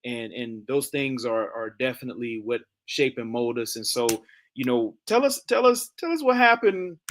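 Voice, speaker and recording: A man's voice: medium pitch, animated, moderate pace, fairly bright tone, slight background noise. A man hosting a casual interview, enthusiastic and prone to repeating his phrases as he asks questions. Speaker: host. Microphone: video call.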